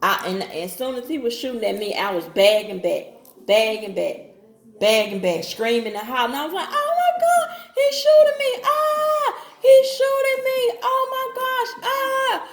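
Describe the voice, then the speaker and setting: A woman tells a personal story in a loose, rambling way, often restarting her sentences. Her voice has a gravelly, fry-laden edge. The sound has a noticeable echo from the room around her. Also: medium pitch. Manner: rambling, restarts and acts out dialogue. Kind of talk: casual storytime.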